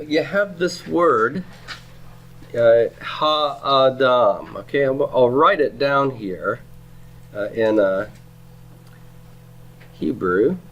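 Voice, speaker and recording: A man's voice: mid-range voice, dull audio, slight background noise. Man lecturing with frequent "okay?". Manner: explanatory, checks in with frequent "okay?" and "right?"; repeats and restarts phrases while explaining. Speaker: Hebrew teacher. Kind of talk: classroom lecture.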